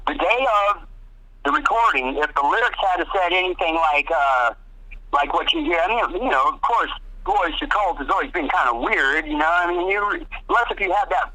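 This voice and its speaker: This man, a guest guitarist, spins animated studio stories during a relaxed interview, cursing freely and performing other people's words in their voices. His voice is a little high, and the recording is low quality.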